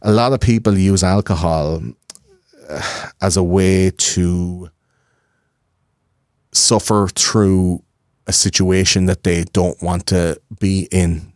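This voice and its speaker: A man in his thirties, a podcast guest, talking in a rambling, profane, animated way. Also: low-pitched, slow, long pauses, no room sound, studio quality. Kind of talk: casual conversation.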